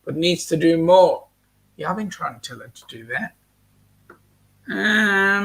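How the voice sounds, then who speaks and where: Reading out the live chat on his laid-back stream, an Australian host fills his speech with ums. His voice sits high and sounds fairly bright.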